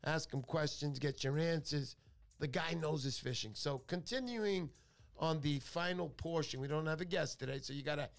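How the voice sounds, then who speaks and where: A radio show host speaks in a somewhat high, creaky voice at an ordinary pace. He's chatty and playful, telling casual talk-show stories that meander off topic.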